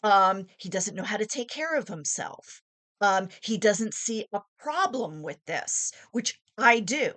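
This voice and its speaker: A woman's voice: mid-range voice, animated, unhurried, fairly bright tone. A woman in her forties telling a dating story in a chatty, opinionated, exasperated way, full of asides and fillers. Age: 40s. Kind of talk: casual storytelling monologue.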